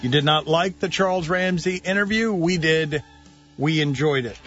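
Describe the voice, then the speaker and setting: A man's voice: on the high side, normal speed, fairly bright tone, highs cut off, soft background music. A man hosting a talk radio show, teasing his guest and laughing often. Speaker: radio host.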